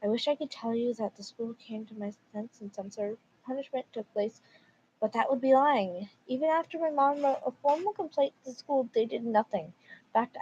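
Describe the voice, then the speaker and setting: A woman's voice: mid-range voice, dark tone, a little hiss or hum. A woman streamer reading stories aloud and reacting casually, with emphatic remarks. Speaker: livestreamer. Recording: dull lo-fi mic.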